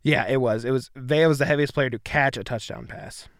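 A young man with an ordinary mid-range voice co-hosts a casual sports podcast. He sounds relaxed as he reads scores and stats from his notes and tosses questions to his partner. The recording is dry, with no room echo. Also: mid-range voice, fairly quick. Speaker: podcast co-host.

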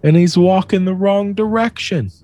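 A man's voice: sits high, normal speed, warm tone, faint music behind, voice pushed up, lightly acted. Gossiping bird, slangy and mocking, voiced by a man. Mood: gossipy. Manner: laid-back slangy gossip.

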